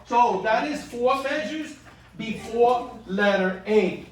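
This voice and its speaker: A woman's voice: fairly high pitch, slow. A woman directing a choir rehearsal, explaining parts patiently and switching between English and Spanish. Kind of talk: rehearsal instruction. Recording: echoey room, far from the mic, chatter behind.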